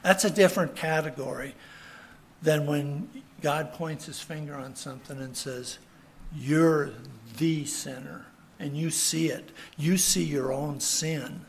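A man's voice: a little high, fairly even intonation, a little slow, slight background noise. A man preaching a sermon in an earnest way, repeating his key phrases for emphasis. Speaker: pastor.

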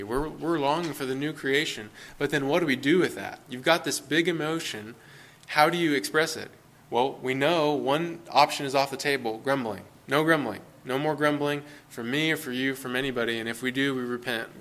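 Man, pastor, conversational sermon, bright forceful voice, laughing asides, frequent restarts. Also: medium pitch, normal speed. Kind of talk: informal sermon.

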